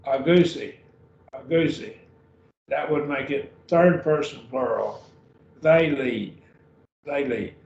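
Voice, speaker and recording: Slow, deliberate man teaching Greek. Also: medium pitch. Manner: slow, repeats each word several times. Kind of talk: classroom grammar lesson. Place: classroom or church room. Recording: echoey room, dull lo-fi sound.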